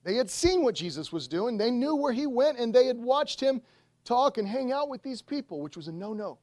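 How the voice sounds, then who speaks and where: A man, a pastor, preaching a sermon and retelling a story with lively, acted-out voices. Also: very high voice, moderate pace, no room sound.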